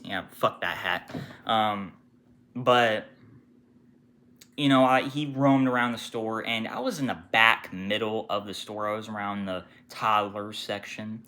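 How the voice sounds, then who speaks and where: A young man casually ranting about his retail job, swearing freely and mimicking customers with sudden shouts. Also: fairly low pitch, measured pace. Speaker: retail worker telling customer stories. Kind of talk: casual storytime rant.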